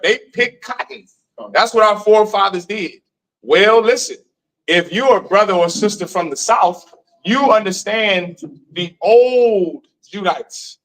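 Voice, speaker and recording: A man's voice: high voice, fairly bright tone, low-quality recording. A man from Missouri giving a preachy street lecture, telling stories and putting questions to the room. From Missouri, USA.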